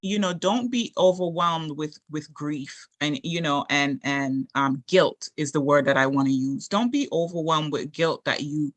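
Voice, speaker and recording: A financial expert who agrees readily and speaks haltingly, with many fillers, in a casual workshop conversation. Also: medium pitch, a bit bright.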